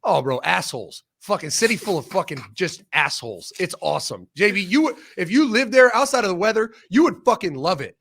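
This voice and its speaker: A man from Ohio, a former football coach, chatting as a guest and telling profane, animated stories. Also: high voice, fairly quick, gravelly, hardly any pauses, breathy edge. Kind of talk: casual sports chat.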